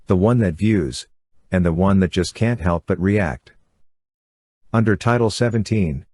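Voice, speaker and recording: A man with a very low, dark voice delivers a solemn announcer intro at a measured pace. The sound is dry and close, with no room echo. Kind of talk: mock crime-show announcer intro.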